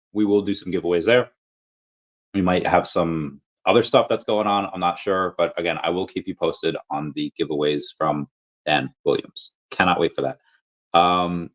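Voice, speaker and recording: A man giving casual solo commentary as a video creator, chatty and animated, reading out posts and shout-outs with frequent fillers and laughs. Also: low-pitched, dull audio. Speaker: crypto and collectibles video creator.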